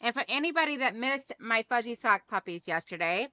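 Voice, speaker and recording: A woman's voice: on the high side, lively intonation, fairly quick, sharp tone, dry recording, muffled recording. A woman hosting a casual live stream, reading out viewer comments and answering in a friendly, chatty way. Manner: friendly, calls viewers girl.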